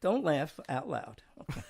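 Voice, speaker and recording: Male host, slightly high gravelly voice, rambling chat, chuckles through his jokes. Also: very animated, measured pace, a little mellow. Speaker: show host. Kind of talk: casual studio chat.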